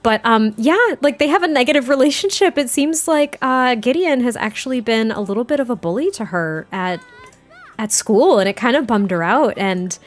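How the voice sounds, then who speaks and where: A woman's voice: a little high, expressive, normal speed. A woman hosting a game let's play, chatting and gushing as she tells the story of her characters. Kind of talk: casual game commentary.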